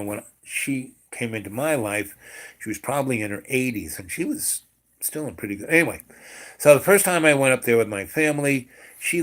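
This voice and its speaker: A man telling a long family story in casual talk, wandering off on tangents with lots of fillers and restarts. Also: mid-range voice. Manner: rambling, digressive, many fillers and restarts.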